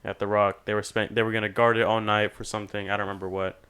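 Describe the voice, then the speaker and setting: Smooth-voiced young man telling a story. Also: lowish voice, quick pace. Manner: animated storyteller, swears a lot, acts out voices of others. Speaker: podcast guest. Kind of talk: casual storytelling.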